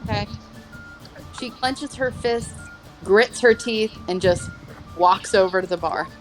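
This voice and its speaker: A woman's voice: medium pitch, slow pace, over music, poor audio. A woman playing a tabletop role-playing game, speaking hesitantly and earnestly, often narrating her character. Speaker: player. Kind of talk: casual tabletop role-play.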